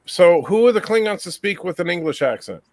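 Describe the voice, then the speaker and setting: A man's voice: high voice, lively intonation, brisk, a little mellow, no room sound. A man hosting a casual online chat, bantering with wry, opinionated remarks. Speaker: podcast host.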